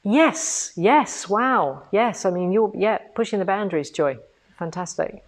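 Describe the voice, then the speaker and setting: A woman's voice: medium pitch, animated, measured pace. A woman hosting a casual live stream from an indoor showroom, chatty and bubbly, laughing often. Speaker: host.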